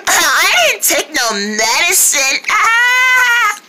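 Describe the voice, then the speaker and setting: A performer voicing a hyper, giggly boy in a squeaky high voice who laughs manically and drags out words. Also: huge pitch swings, slow, background noise, full character voice. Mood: giddy.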